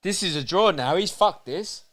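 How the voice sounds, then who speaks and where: A man's voice: sits high, animated, normal speed, over a noisy crowd. A man with a British accent, co-hosting a live boxing watchalong with joking, sweary banter. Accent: British English. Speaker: co-host. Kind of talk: casual fight watchalong banter.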